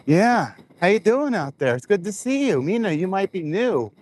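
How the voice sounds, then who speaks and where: A vlogger walking laps outside talks casually and ramblingly to his viewers, speaking directly to them through a clip-on mic near his face. His high-pitched voice has a darkish tone and big pitch swings, at normal speed with few pauses.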